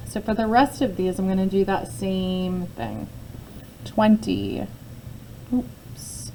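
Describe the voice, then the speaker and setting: A woman's voice: medium pitch, very animated, takes it slowly, dark tone, slight background noise, low-quality recording. Patient woman teaching a phonics lesson. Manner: patient, explains step by step with frequent "okay?" check-ins. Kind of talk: phonics lesson, talking through a word sort.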